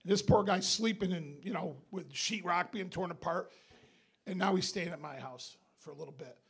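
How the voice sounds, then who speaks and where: A middle-aged man from upstate New York doing stand-up, telling a story in a profane, animated way and shouting the punchlines. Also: sits high, moderate pace, gravelly. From Binghamton, New York. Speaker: stand-up comedian. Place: comedy club stage with live audience. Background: audience laughter.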